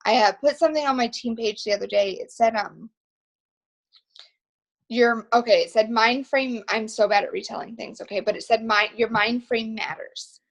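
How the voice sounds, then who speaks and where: A young woman hosting a motivational team video call, telling stories in an excited, emphatic, rambling way. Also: on the high side, normal speed, creaky, poor audio.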